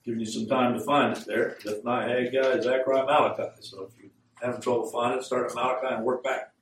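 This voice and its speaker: A man preaching a sermon, earnest and growing fervent, slowing down to quote scripture in the words of old Bible translations. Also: mid-range voice, level tone, slight background noise. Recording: echoey room, mic at a distance.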